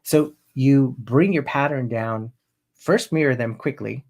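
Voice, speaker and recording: Gravelly, husky man teaching casually. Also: medium pitch, measured pace, a little mellow. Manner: rambling, with frequent restarts and tag questions. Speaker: NLP coach. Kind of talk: informal teaching talk.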